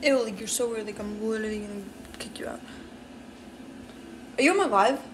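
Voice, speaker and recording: A woman's voice: mid-range voice, brisk. Chatty young woman with a Jersey accent. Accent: New Jersey. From New Jersey. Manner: chatty, teasing, says "like" often. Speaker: livestream host. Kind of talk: casual livestream chat. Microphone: phone camera. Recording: noisy phone livestream audio.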